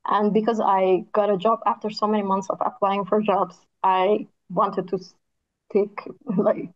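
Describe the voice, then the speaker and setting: Speaking a little slowly in a level, mid-range voice, the architect and podcast co-host chats as an interview guest. She comes across as thoughtful and somewhat weary, peppering her speech with "like" and "kinda." The audio is slightly dull and lo-fi.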